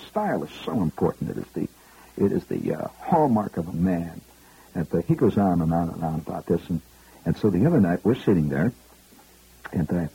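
A man with a very husky, mellow voice tells a comic story in a rambling, digressive way. His tone is wry and dry. His pitch swings lively from low grumbles to high peaks. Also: dull audio. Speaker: radio monologist.

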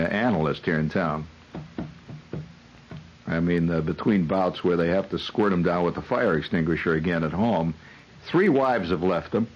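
A man's voice: low voice, slightly rough, poor audio. A man who hosts on the radio, telling a rambling, wry comic monologue full of digressions and hesitations. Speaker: radio host.

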